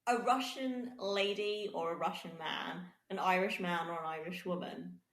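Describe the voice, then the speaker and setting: A woman chatting on a podcast in a lively way, prompting her partner and telling anecdotes. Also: fairly low pitch, moderate pace. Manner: lively, prompting, laughs often. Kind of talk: casual podcast conversation. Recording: roomy echo.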